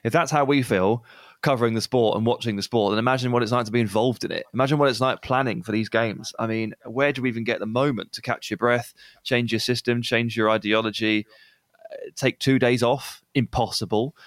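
A man co-hosting a football podcast, chatting in a relaxed, amused way. His voice sits at an ordinary middle pitch. The sound is dry and close, with no room echo. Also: a little fast. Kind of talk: casual podcast chat.

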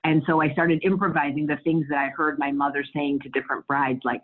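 A middle-aged woman, an actress, tells stories in a casual interview, candid and animated and often laughing. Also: sits low, fairly quick, hardly any pauses. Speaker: guest actress. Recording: tinny phone-like line.

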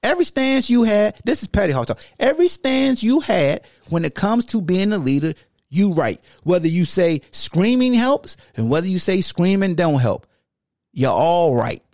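A man hosting a sports podcast, talking casually in an animated monologue that swings from loud calls to low asides. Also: moderate pace, dry recording, clean studio sound. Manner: casual, conversational phrasing. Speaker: podcast host.

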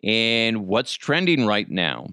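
A man's voice: lowish voice, sing-song, slow pace, pushed and bright, no room sound, clean studio sound. A man hosting a solo podcast, ranting profanely and mocking his targets. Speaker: podcast host.

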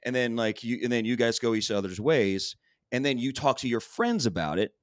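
A man's voice: medium pitch, animated, a little fast, no room sound, clean studio sound. A man co-hosting a podcast, talking in a rambling, candid way and swearing casually. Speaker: podcast co-host. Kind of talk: casual chat.

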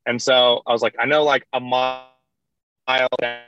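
Young male guest, chatty, says "like" constantly, bright tense tone, dry and slightly muffled recording. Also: mid-range voice, level tone, moderate pace. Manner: rambling, heavy use of "like", laughs through retellings. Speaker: podcast guest, kayaker. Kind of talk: casual storytelling. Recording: dull lo-fi dry sound.

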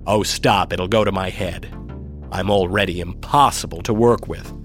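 A man's voice: deep voice, normal speed, faint music behind. A man putting on a vain, imperious movie-star woman. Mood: gushing. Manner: snapping commands, then gushing theatrically.

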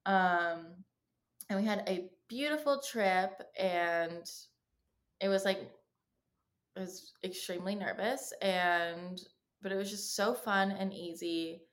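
A woman's voice: medium pitch, slow pace. A woman in her twenties telling candid stories in a casual chat, acting out the lines of people she quotes and swearing freely. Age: 20s. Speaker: podcast guest.

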